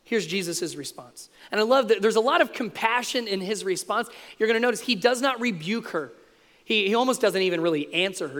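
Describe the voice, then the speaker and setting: High-voiced preaching man in a big hall. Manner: animated preaching, acting out voices in quotes. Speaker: pastor. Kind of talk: sermon.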